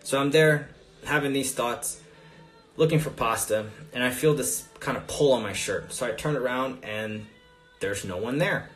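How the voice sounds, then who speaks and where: A man coaching on dating, telling a story in a casual, profane, animated way during a live Q&A. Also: mid-range voice.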